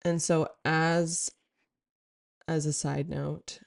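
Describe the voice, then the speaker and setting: Woman, spiritual vlogger, heartfelt rambling talk, flat even delivery. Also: sits low, very slow, creaky. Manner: meandering and heartfelt, frequent "like" fillers. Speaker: spiritual content creator. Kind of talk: reflective spiritual talk to camera.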